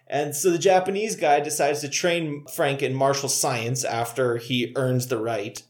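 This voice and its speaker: A man's voice: mid-range voice, moderate pace, few pauses. A man co-hosting a casual comedic movie review chat, laughing often and joking in mock courtroom banter. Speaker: podcast co-host.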